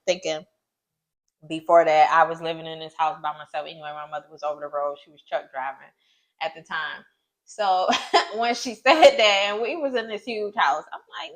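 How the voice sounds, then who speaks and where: A woman's voice: moderate pace, poor audio. Young woman, casual couple storytelling, emotional delivery that leaps up on exclamations. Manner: emotional, rising high when exclaiming. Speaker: co-host.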